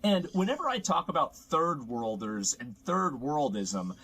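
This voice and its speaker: A man in a played clip giving opinionated commentary in a measured, lecturing way. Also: on the high side, sing-song, a bit bright, breathy edge, low-quality recording.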